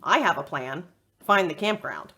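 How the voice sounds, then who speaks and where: A woman voicing a loyal, friendly male dog who tells the story, in her own gentle unhurried voice. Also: lowish voice, lively intonation. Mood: earnest. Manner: plain, gentle, slow.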